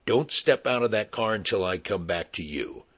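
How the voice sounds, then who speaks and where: A man's voice: fairly low pitch, lively intonation, moderate pace, fairly bright tone, husky. A man putting on a stern, commanding police officer's voice. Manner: firm, commanding.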